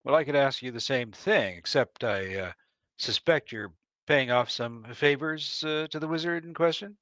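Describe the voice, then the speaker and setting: A man's voice: mid-range voice, moderate pace, a bit bright, no room sound. A man playing a tabletop game, speaking in character with wry, playful politeness. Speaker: player. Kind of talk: in-character tabletop role-play.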